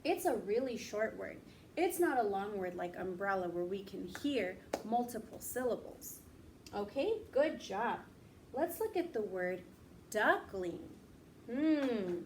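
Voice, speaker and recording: Slow, encouraging woman teacher. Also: mid-range voice, sing-song, slight background noise. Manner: slow, encouraging, stretches words out. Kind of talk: classroom lesson for young children.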